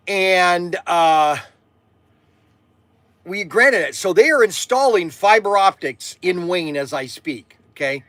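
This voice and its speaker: A middle-aged man who runs a toy shop, hosting a casual live stream in a loud, rambling, chatty way. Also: high voice, dry recording. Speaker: toy shop owner and vlog host.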